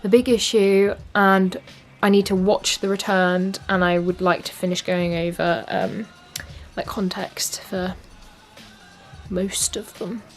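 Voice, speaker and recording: Young girl rambling at the camera, lots of likes and ums, music playing softly underneath. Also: medium pitch, little pitch movement, takes it slowly. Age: young adult. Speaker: vlogger. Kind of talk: casual vlog chat.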